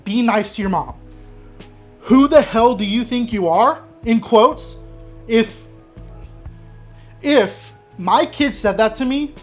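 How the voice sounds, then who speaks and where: A man's voice: high-pitched, a bit bright. Man, advice host, reading a story aloud, blunt, exasperated, frustrated outbursts, faint music behind. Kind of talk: reading and reacting to an online story.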